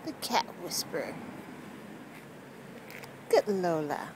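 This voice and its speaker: Casual vlogger woman, slow and lively, teasing herself; noisy street sound around her. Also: medium pitch. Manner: playful, self-mocking, talks to the cat. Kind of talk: casual narration while petting a cat. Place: outdoors on a street. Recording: noisy outdoor street recording.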